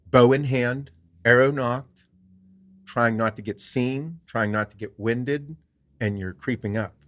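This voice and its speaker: A man hosting a podcast, telling a story in a casual, animated way and swearing freely. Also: medium pitch. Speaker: podcast host.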